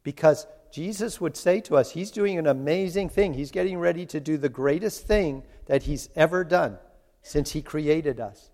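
A man's voice: fairly high pitch, moderate pace, dark tone. A man preaching a sermon in an earnest, pleading way, addressing his listeners directly. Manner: earnest, pleading, voices God and Jesus in quotes. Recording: long hall reverb.

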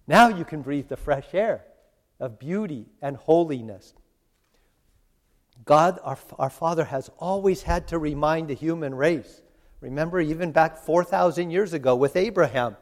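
A man's voice: on the high side, expressive, moderate pace, a little mellow. A man preaching a sermon in an earnest, pleading way, addressing his listeners directly. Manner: earnest, pleading, voices God and Jesus in quotes. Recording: long hall reverb.

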